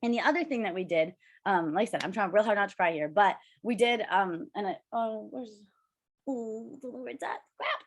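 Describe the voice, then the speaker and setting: Brief: young woman co-host, rapid chatty delivery, bubbly and rambling, video call. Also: mid-range voice, lively intonation. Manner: fast, bubbly, rambling with many "like"s. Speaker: podcast co-host. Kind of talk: casual chat.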